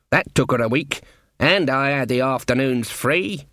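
A man's voice: medium pitch, animated, a little slow, fairly bright tone, dry recording, studio quality. Man doing a stern old witch woman. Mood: distant.

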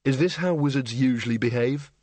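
A man's voice: medium pitch, a little fast, darkish tone, no room sound, lightly acted. A man voicing a wry, unimpressed young woman in a storybook reading. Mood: dry.

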